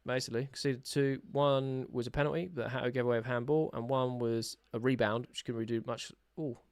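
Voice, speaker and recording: Excitable man reacting to football. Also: medium pitch, brisk, no room sound. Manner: excitable, bursts into shouts at goals, sarcastic banter with chat. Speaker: football watch-along host. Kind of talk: live match reaction chat.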